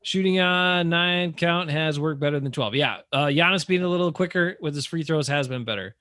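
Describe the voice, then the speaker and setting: A man co-hosting a casual sports podcast, ranting in an animated, exasperated way. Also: on the high side, normal speed, dry recording. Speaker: podcast co-host.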